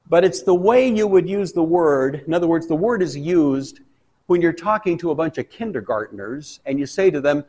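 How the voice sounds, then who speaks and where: A man teaching a Bible study in a folksy, conversational way, breaking into loud animated bursts for emphasis. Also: on the high side, moderate pace, vocal fry, slightly rough.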